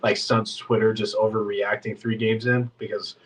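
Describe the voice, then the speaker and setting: A man's voice: on the low side, flat delivery, normal speed, distant mic, rough recording. A man hosting a casual sports podcast, congested and talking in a rambling, filler-heavy way like a frustrated fan. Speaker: podcast host.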